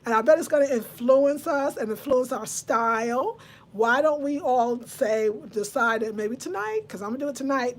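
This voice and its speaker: Woman, fifties, casual livestream chat, reads viewer comments, slightly high voice. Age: 50s. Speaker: livestream host.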